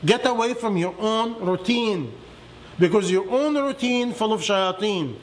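A religious teacher with a high voice preaches a sermon in simplified, non-native English, swinging dramatically between raised, high emphasis and low, heavy lines. He takes an unhurried pace, and a faint hiss of background noise sits beneath the recording.

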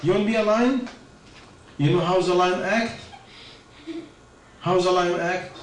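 A man's voice: sits high, measured pace, reverberant, distant mic, rough recording. A man giving an informal religious talk, firing rhetorical questions and answering them himself. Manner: questioning, rhetorical, non-native phrasing. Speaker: preacher.

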